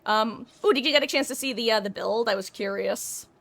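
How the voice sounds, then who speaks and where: A woman's voice: on the high side, brisk, fairly bright tone. A woman chatting casually while she streams a game. She rambles and swears freely. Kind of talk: casual chat while gaming.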